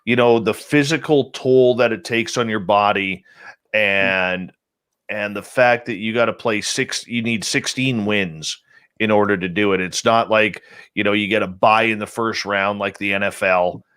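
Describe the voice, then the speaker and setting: A man hosting a radio roundtable, telling stories in an animated way with emphatic repeats. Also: on the low side, measured pace, clear, resonant tone, dry recording. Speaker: radio show host. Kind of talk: casual roundtable chat.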